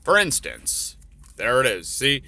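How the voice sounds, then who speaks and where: A man's voice: mid-range voice, sing-song, measured pace, sharp tone, no room sound. A man reading his own story aloud, with rambling, profane, offhand commentary between passages.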